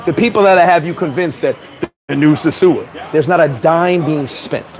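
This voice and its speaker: Profane, animated New man ranting. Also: on the high side, moderate pace, a crowd in the background. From New York. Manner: blunt, profane, animated, laughs at himself. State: sweating in the heat. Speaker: vlogger talking to live chat. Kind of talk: casual livestream rant. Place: hot corner, Caribbean town.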